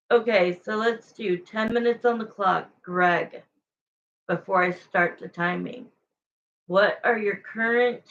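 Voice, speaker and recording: Woman tarot reader, frank chatty livestream host, unhurried delivery with a gravelly edge, slightly muffled audio. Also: mid-range voice, pushed and bright. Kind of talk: casual livestream chat.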